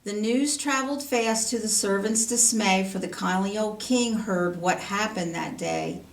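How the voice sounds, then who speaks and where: Unhurried and creaky at a medium pitch, a Sunday school teacher reads her class a rhyming children's story in a sing-song rhythm. She's picked up from a distance in a roomy space.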